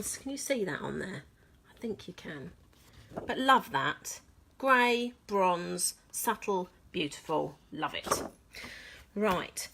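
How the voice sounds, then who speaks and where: A woman demonstrating craft products in a casual vlog, bubbly and gushing, often laughing at her own excitement. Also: fairly high pitch, a little hiss or hum. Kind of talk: casual show-and-tell vlog.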